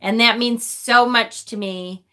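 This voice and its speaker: A middle-aged woman hosting a casual livestream, talking to viewers in a halting, emotional way and often breaking off mid-sentence. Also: a little high, fairly even intonation, bright, forceful tone. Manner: emotional, thanking viewers, halting and self-interrupting. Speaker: livestream host.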